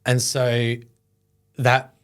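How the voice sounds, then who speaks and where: A man's voice: mid-range voice, completely flat delivery, very slow, fairly bright tone. Aussie guy, middle-aged, telling his story, lots of "you know", gets a bit choked up. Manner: conversational, many fillers, chokes up at times. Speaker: guest, foundation founder. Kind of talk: emotional personal storytelling.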